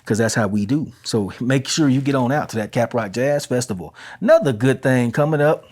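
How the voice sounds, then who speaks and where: A man's voice: medium pitch, expressive, brisk, darkish tone. Man, casual podcast host, chatty and easygoing, recorded at home. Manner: laid-back, chatty, talks straight to listeners. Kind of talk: casual community announcements.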